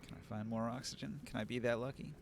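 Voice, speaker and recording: Gravelly, dry-humored streamer man. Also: mid-range voice, steady tone, quick pace, a little hiss or hum. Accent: US Pacific Northwest. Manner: dry, sardonic, swears often. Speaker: game streamer. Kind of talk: live gameplay commentary.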